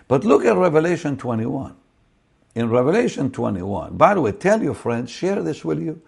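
A man's voice: medium pitch, gravelly, breathy edge. A man preaching an online Bible teaching, quoting scripture and talking in a conversational way with frequent restarts.

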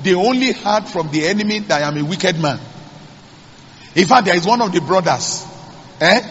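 A man's voice: high voice, lively intonation, moderate pace, a bit bright, lo-fi sound, slight background noise. A man, preaching a sermon as pastor and calling out to the congregation. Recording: echoey church hall.

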